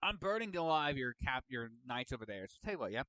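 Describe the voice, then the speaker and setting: A man voicing a cruel, scheming male dark lord in a roleplay retelling. He speaks casually and tauntingly. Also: medium pitch, very animated, fast talker, smooth, no echo.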